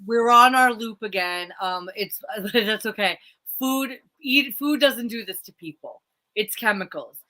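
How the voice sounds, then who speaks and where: Woman co-host, middle-aged, bright voice, animated storyteller. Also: fairly high pitch, measured pace. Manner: animated, laughs often, tells stories. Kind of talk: casual live chat.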